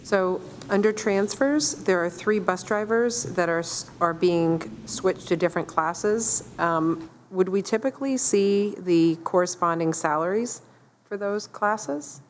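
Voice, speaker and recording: Lower-voiced woman board member, polite and hesitant, faint hiss. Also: a little slow. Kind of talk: asking a question at a meeting. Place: school board meeting room.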